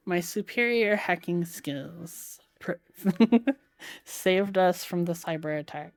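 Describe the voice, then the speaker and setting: A woman's voice: on the low side, takes it slowly, no room sound, studio quality. A young woman chatting casually on a live stream while building a keyboard, giggling often and cooing to her cat.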